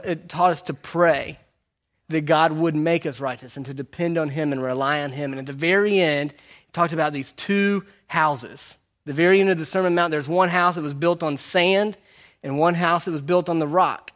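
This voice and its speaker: A pastor with a fairly high, fairly bright voice preaches a sermon that teaches through a book. His delivery is conversational, and he keeps repeating his key phrases.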